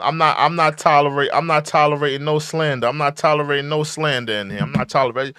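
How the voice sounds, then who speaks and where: A man's voice: on the high side, steady tone, quick pace, few pauses, pushed and bright, clear, resonant tone, dry recording, studio quality. A man in his thirties hosting a political commentary show, reacting to clips with exasperated rants, repeating himself and using mocking slang. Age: 30s.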